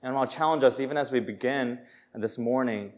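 A young man preaching a sermon in a church, conversational and animated, acting out people's reactions as he speaks. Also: medium pitch, brisk. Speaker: pastor.

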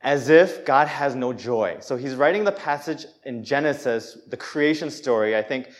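Male preacher, candid and self-deprecating, mid-pitched voice, animated delivery with acted-out quotes. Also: moderate pace. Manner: lively, acts out quoted voices. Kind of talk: sermon. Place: church.

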